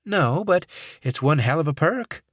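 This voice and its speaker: A man's voice: on the high side, lively intonation, unhurried, fairly bright tone, breathy edge, dry recording, clean studio sound, voice pushed up, exaggerated voice. A man voicing a blunt, money-minded woman mercenary who talks in a brash, impatient way.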